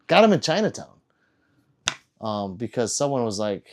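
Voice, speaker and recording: A man's voice: mid-range voice, very animated, normal speed, vocal fry, long pauses. A man livestreaming, reading out chat messages and teasing viewers in a loose, rambling, joking way.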